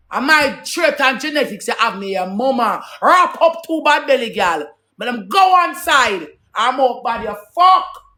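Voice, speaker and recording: A woman's voice: high-pitched, sharp tone. A woman with a Jamaican accent in a heated, profane, preachy rant to her viewers.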